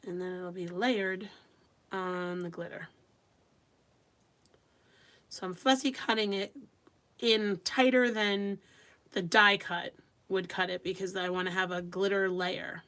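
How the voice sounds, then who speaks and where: A woman, an adult with young children, hosts a live craft stream, chatting casually with viewers and reading their comments aloud as she works. Her lowish voice is steady and fairly bright, unhurried, with long pauses.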